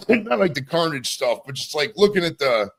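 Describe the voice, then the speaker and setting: A man's voice: on the high side, sing-song, moderate pace, gravelly. A man in his forties hosting a podcast interview, rambling casually, swearing and laughing often. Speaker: podcast host.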